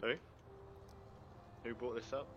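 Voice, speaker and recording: A man's voice: mid-range voice, little pitch movement, takes it slowly, highs cut off. A laid-back man in a casual gaming chat, teasing his friends while playing a farming game. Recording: noisy background hiss.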